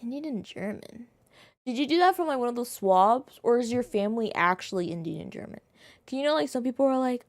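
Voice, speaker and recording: A young woman streamer chatting casually with her viewers in an animated, quick-reacting way. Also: on the high side, vocal fry, dry recording.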